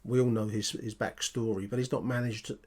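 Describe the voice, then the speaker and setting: A male podcast host with a mid-pitched voice responds to his listeners' messages. He speaks in a measured, slightly formal way and addresses his audience directly. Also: fairly even intonation, darkish tone. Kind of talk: podcast commentary.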